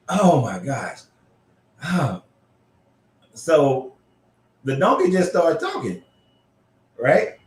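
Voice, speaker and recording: A man hosting a casual commentary show, reading scripture aloud and reacting in an animated, profane way. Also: on the high side, echoey room. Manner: animated, profane, frequently laughing. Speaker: host.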